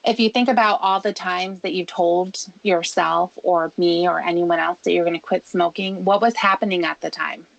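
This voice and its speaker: A woman hosting a radio advice show, talking a caller through a habit in a calm, measured, coaching way. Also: lowish voice, vocal fry, dry recording, low-quality recording. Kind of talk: advice talk on a radio call.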